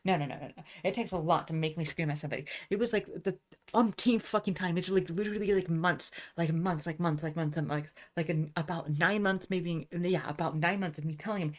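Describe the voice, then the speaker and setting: A woman's voice: lowish voice, brisk. A woman venting in a casual, profane monologue, rambling with many fillers and restarts. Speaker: vlogger.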